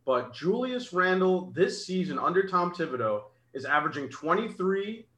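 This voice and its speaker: Earnest sports co-host, man, bright edgy voice, echoey room. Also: high-pitched, very animated, normal speed. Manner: earnest, rattles off stats. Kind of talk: casual sports chat.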